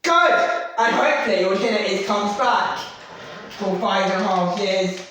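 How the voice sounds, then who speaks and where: A man's voice: high voice, steady tone, moderate pace, a bit bright, slight background noise. A man putting on a bossy woman who barks orders to get into a taxi, recorded from a distance in a very echoey room. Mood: bossy shouting. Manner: scolding, barking orders. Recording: very echoey room, mic far off.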